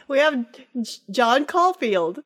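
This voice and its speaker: A woman with a high voice chats on a gaming podcast. She is bubbly and teasing, quick to giggle. She sounds like a casual co-host. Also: big pitch swings, a bit bright.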